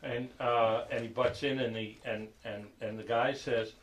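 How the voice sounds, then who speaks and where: A man telling a story to a group in a halting, conversational way, full of fillers, acting out the quoted lines. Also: medium pitch, fairly even intonation, fairly bright tone, slight background noise, low-quality recording. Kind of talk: casual spoken storytelling.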